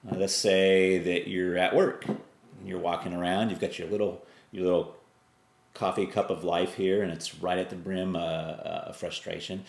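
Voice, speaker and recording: A middle-aged man talks to camera in a relaxed, folksy, meandering way, a little low in pitch and with a gravelly edge. The room around him gives his voice a noticeable echo. He sounds like a regular vlogger chatting with viewers. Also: moderate pace. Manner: folksy, rambling, acts out exasperated quotes. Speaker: online business vlogger. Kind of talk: casual motivational talk to camera.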